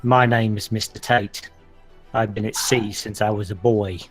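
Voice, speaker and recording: A man's voice: lowish voice, steady tone, normal speed, faint music behind, close to an everyday voice. A man voicing a creepy, greedy male pirate sailor who talks about himself in the third person. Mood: sly.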